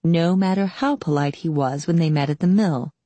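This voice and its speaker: A woman narrating an audiobook in a calm, steady storytelling manner. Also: low voice, moderate pace, dry recording. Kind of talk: scripted narration.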